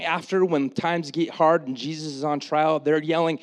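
A man with a slightly higher voice preaches to his congregation in an easygoing, conversational way. He acts out the people in the story with lively quoted asides, then turns quiet and earnest when he makes his main points. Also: normal speed. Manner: casual and animated, with dramatic quoted asides. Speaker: pastor. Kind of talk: sermon.

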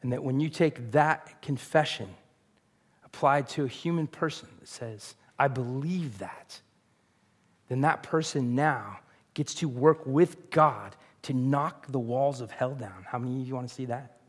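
A middle-aged pastor with a mid-range voice preaches at a moderate pace. His sermon is casual and conversational, and he puts questions to the congregation.

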